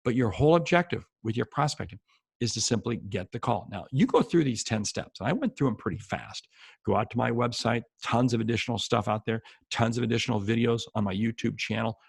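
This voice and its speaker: Male sales coach, husky gravelly voice, emphatic and repetitive, talking straight to camera, dry recording. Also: medium pitch, brisk, no echo. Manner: emphatic, repeats key phrases for stress; speaks directly to the viewer. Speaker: sales trainer. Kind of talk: motivational coaching talk to camera.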